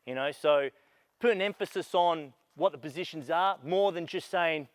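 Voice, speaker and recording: A man coaching a basketball clinic, his voice sitting high for a man and recorded close and dry. He walks players through drills, calling out positions and stopping the action to explain. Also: normal speed, no echo. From Australia. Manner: instructive, directing players on court; raises voice for emphasis and calls.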